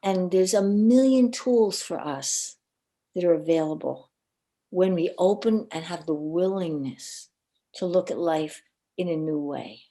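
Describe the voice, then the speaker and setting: A woman's voice: lowish voice, measured pace. A woman guest on a podcast, a coach and minister, telling personal stories earnestly and animatedly, often repeating words as she goes. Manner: earnest, animated storyteller with frequent word repeats. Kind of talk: personal storytelling in a podcast interview.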